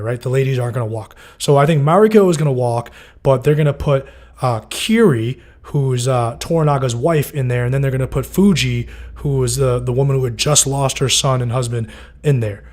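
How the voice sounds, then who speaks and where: A man's voice: medium pitch, darkish tone. A man giving a loose, casual breakdown of TV episodes, full of fillers and swearing. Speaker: TV show recapper.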